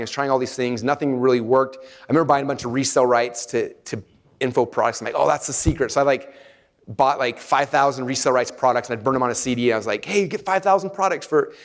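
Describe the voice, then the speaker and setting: A middle-aged man casually telling a personal story to an audience, animated, laughing often and quoting himself. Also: medium pitch.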